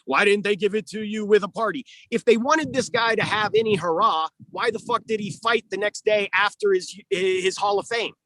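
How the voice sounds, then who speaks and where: High-voiced man ranting combatively. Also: moderate pace, few pauses, fairly bright tone. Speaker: fighter's coach and manager. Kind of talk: heated interview talk.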